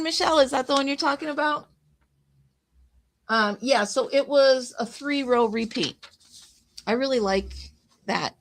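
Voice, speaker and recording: A woman's voice: sits high, a little slow, long pauses. Chatty woman hosting a craft livestream. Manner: chatty, greets viewers by name while paging through her notes. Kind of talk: casual livestream chat.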